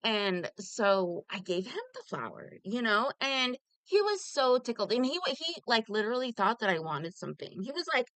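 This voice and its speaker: A woman's voice: fairly high pitch, sing-song, moderate pace, hardly any pauses, fairly bright tone, dry recording. A woman ranting heatedly in casual talk, rambling and swearing, with many "like"s, addressing a fellow commentator. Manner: heated, rambling, profane, full of "like". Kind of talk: casual direct-to-camera rant.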